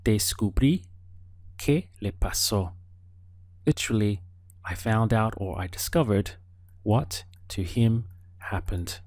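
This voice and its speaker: A man leads an audio language lesson at an unhurried, careful pace, giving the listener room to answer. His voice sits a little low. The recording is close and dry, with no room sound. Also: a little mellow, no room sound. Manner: slow, patient prompting with pauses for the learner. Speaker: language teacher.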